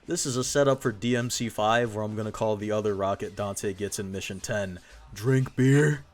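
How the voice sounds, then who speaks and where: A man's voice: fairly low pitch, flat delivery, a little fast. A young man doing profane, joking gameplay commentary as a voice-over, laughing at his own gags. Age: young adult. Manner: crude, profane and irreverent. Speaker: video essay host.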